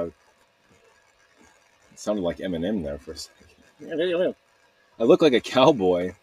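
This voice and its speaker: A man's voice: fairly low pitch, a little mellow, slightly rough, no room sound. A man talking to camera in a rambling, candid way, often laughing at himself. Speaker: video blogger. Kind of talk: casual confessional monologue.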